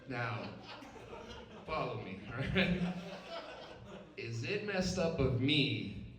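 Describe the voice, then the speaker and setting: A Stockton, California comedian does a live lounge set, speaking slowly in a mid-range voice with big pitch swings and ending jokes with "right?" or "okay?". He's on a distant mic, so the club sounds roomy, and the crowd laughs.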